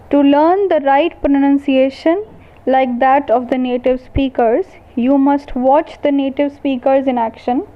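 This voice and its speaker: A woman university lecturer giving a recorded lecture, slowly and deliberately defining terms one by one. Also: high-pitched. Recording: tinny phone-like sound.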